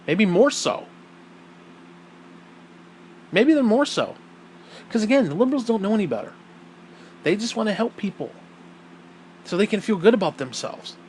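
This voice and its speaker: A man's voice: sits high, normal speed, long pauses, a little hiss or hum, rough recording. A man hosting his own show, talking bluntly and profanely in a casual opinion monologue, pushing his voice up when indignant. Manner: blunt and profane, emphatic swearing; animated, voice rising when indignant. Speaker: podcast host.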